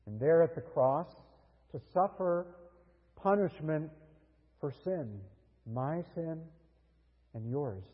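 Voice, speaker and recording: Slow, husky-voiced preaching man. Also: fairly high pitch, lively intonation, big-room sound, highs cut off. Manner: slow, earnest preaching with dramatic pauses. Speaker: pastor. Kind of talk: sermon.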